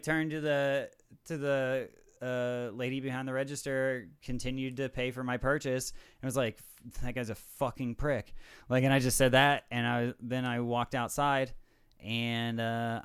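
A man's voice: mid-range voice, smooth. A young man co-hosting a podcast, telling a rambling, profane story full of fillers and quoted back-and-forth. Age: young adult. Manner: rambling, profane, animated retelling with many fillers. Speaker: podcast co-host. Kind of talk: casual storytelling chat.

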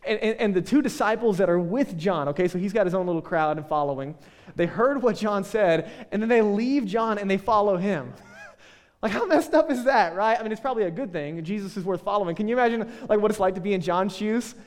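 A male pastor giving a casual, conversational sermon, full of joking asides and quick checks with the listeners. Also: high voice, lively intonation, in a large hall.

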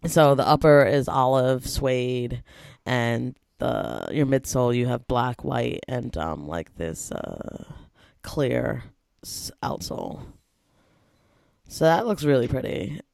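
A woman's voice: extremely low pitch, big pitch swings, slow pace, creaky, darkish tone, dry recording, clean studio sound. A woman co-hosting a casual chat show, talking in a wry, chatty way and laughing often. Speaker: co-host.

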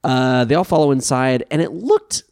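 A man co-hosting a podcast in casual chat, recapping an anime episode in a wry, animated way with the odd swear. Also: mid-range voice, normal speed, smooth.

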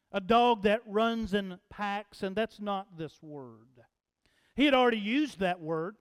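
A male pastor, preaching slowly and dramatically, swelling to loud calls and dropping to hushed lines. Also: high voice, clear, resonant tone. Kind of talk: sermon. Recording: long reverb in a large hall.

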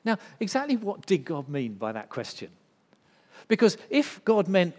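A man delivers a sermon in a slightly high voice, surging to loud, intense peaks and then dropping to a hush. A long hall reverb trails behind every word. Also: big pitch swings, moderate pace. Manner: dramatic swings from loud to hushed. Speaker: preacher.

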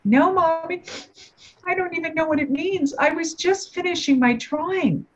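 A woman's voice: very high-pitched, normal speed, voice pushed up. A woman putting on a tearful little girl. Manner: choked, plaintive. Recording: dull lo-fi sound.

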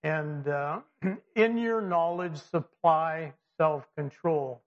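In a dull, lo-fi recording, a man delivers a sermon slowly at a fairly high pitch, in a conversational style riddled with fillers and restarts. He is animated, acting out the voices he quotes, somewhere like a church or a classroom using slides.

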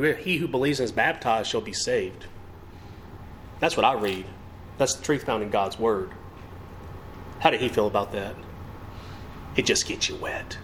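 A man preaches a sermon, his medium-pitched voice rising and falling with emphasis as he poses rhetorical questions. There is slight noise in the background.

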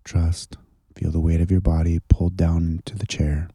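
A man with a very low, gravelly voice leads a guided contemplative prayer. His tone is dark and husky, slow and gentle. The sound is dry and close. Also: little pitch movement, no echo. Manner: slow, gentle, soothing guidance. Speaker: pastor leading guided prayer.

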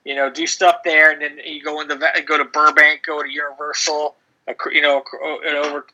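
On dull lo-fi audio, a middle-aged male podcast co-host chats casually, rambling through stories packed with restarts and "dude." His voice is a little high and sharp, with a level tone and a brisk pace.

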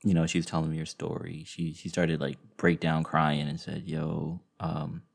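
A man's voice: a bass voice, completely flat delivery, moderate pace, gravelly. A man hosting a podcast, telling stories in a casual, rambling way with frequent restarts. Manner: rambling, self-interrupting storyteller with frequent restarts. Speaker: podcast host.

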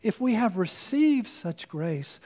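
A man preaching a sermon, earnest and full of rhetorical questions, his voice worn and giving out, with frequent throat clearing. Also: high-pitched, big pitch swings, slow. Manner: earnest, rhetorical questions, swings from loud to hushed. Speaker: pastor.

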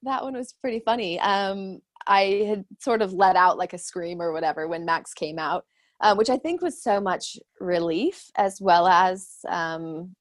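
A woman in her thirties telling a story in casual chat, animated and laughing often, acting out the voices she quotes. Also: mid-range voice, measured pace. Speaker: guest sharing her birth stories.

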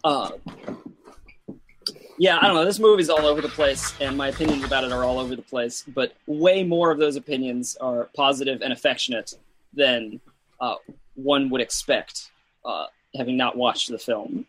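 A man's voice: medium pitch, moderate pace, a bit bright, low-quality recording. A man co-hosting a casual movie-review podcast, rambling a bit and trailing off with fillers. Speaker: podcast co-host.

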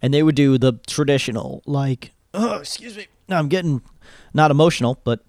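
A man's voice: on the high side, normal speed, dry recording. Joking young man, dry close sound. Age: 20s. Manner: animated, jokey storyteller. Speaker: podcast co-host. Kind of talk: casual chat.

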